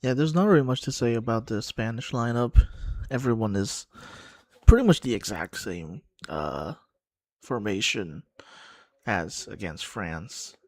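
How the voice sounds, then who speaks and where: A man's voice: fairly low pitch, expressive, a little slow, dry recording. A man hosting a watchalong of a football match, chatting casually and thinking aloud with fillers. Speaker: watchalong host. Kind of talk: casual live commentary.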